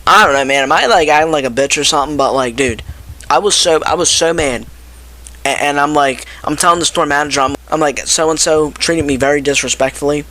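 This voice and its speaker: A young man with a bright, forceful voice rants casually to his audience. He talks in an animated, exasperated way and acts out what each person said. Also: a little high, brisk. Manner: animated, exasperated, quotes people in his telling. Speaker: vlogger. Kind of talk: casual ranting story to camera.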